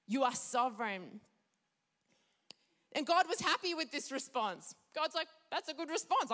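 A woman delivers a sermon in a high, bright voice. She speaks emphatically and leans on scripture. Her pauses are deliberate and measured. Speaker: preacher.

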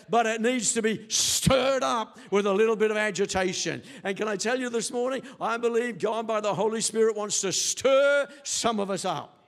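An older man preaching a sermon as pastor, telling stories animatedly and acting out quotes. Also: sits high. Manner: animated storytelling with acted quotes.

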